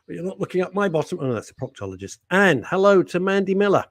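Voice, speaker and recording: A man's voice: high-pitched, no echo. A man hosting a radio show, chatting in a rambling, jokey, self-mocking way. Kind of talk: casual chat. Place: radio studio.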